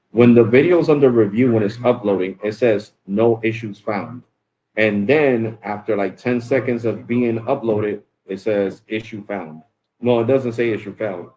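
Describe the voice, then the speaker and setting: A man's voice: fairly low pitch, darkish tone. A man hosting a casual chat with an AI assistant, talking loosely and searching for words as he goes. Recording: dull lo-fi sound with faint noise.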